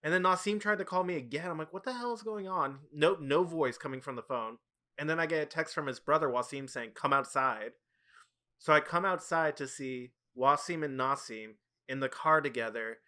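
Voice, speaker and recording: A man hosting a podcast in casual chat, telling animated stories and swearing freely. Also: a little high, a little fast. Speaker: podcast host.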